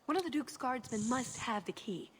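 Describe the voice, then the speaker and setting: A woman voicing a wry, sharp-tongued female rogue with a dry, sardonic delivery. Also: fairly high pitch, lively intonation, normal speed, slight background noise, natural voice.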